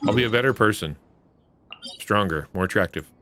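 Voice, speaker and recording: Game music and a noisy background sit behind a man with a lowish, expressive voice who talks a little fast. Hosting a live game stream, he keeps up casual commentary, bantering playfully with viewers and poking fun at himself.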